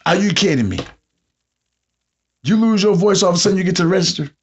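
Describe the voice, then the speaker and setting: A man with a Southern US accent hosting a podcast, telling comedic stories about his job and mimicking customers in an animated way. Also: high-pitched, fast, a little hiss or hum. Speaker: podcast host. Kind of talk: comedic monologue. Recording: dull lo-fi sound.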